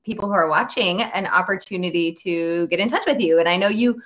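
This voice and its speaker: A woman's voice: on the low side, a bit bright, dull audio. Chatty, laughing woman host. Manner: chatty, halting, many fillers and restarts; laughs often while talking. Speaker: interview host. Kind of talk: casual video interview.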